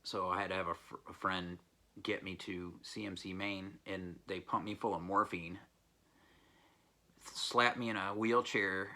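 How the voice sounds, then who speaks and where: A man's voice: sits low, pushed and bright. A man in a casual vlog, telling a blunt, profane story while recovering from an illness. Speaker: record collecting vlogger.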